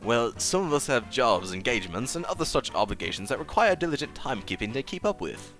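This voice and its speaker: Streamer doing a stuffy old gentleman, put-on British accent, lively swooping delivery. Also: mid-range voice, fast talker, faint music behind. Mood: pompous. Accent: attempted British. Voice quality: stuffy, formal, old-fashioned phrasing. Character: pompous aging gentleman theater owner, formal. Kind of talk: reading a game aloud on stream.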